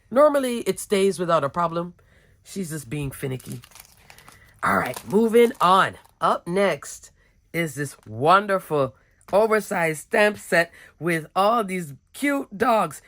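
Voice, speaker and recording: Giggly raspy woman crafter. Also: fairly low pitch, lively intonation, slow pace, a bit bright. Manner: goofy, giggly, bubbly. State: a little sick, hoarse. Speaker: card-making crafter. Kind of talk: casual craft tutorial chat.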